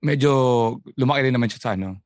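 A man's voice: medium pitch, fast talker, a little mellow, dry recording, clean studio sound. A man, co-hosting a podcast, joking and laughing often while talking mostly in Tagalog. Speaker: podcast co-host. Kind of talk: casual chat.

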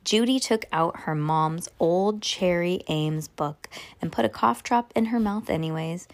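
A woman's voice: fairly low pitch, a little slow. Woman podcaster, casual read-aloud of a kids' book, chatty. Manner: chatty, with offhand asides. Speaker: podcast host reading a children's book. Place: bedroom on a windy day.

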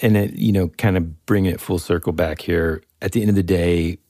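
A man's voice: low voice, steady tone, a little fast, a little mellow, no echo, studio quality. A man co-hosting a podcast, chatting casually and animatedly about a true-crime story, rambling and joking. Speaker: podcast co-host.

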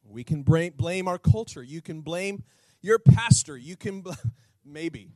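A man pastor preaching a sermon, animated, asking the congregation rhetorical questions and acting out little scenes. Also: fairly high pitch, unhurried, no echo, low-quality recording.

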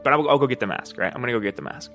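A podcast host tells a personal story in a candid, rambling, profane way, often asking "you know what I mean?". His voice is medium-pitched and sharp, he talks very fast, and soft music plays in the background.

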